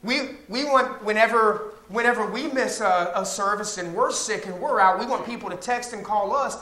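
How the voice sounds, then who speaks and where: A man's voice: high-pitched, moderate pace, sharp tone. A man preaching a conversational sermon as pastor in a church, now and then mocking the voices of complainers. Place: church sanctuary.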